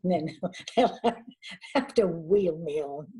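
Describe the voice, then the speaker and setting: An older woman, a veteran actress, chatting warmly in an interview and telling anecdotes from her career. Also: on the low side, expressive, slow, slightly rough, rough recording. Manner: warm anecdotal, chatty with restarts. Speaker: actress guest. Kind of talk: reminiscing interview talk.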